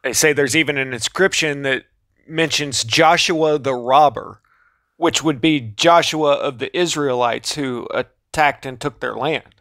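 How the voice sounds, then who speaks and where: A man's voice: a little high, unhurried, fairly bright tone, no room sound, clean studio sound. A man casually narrating a video, with offhand, sarcastic asides.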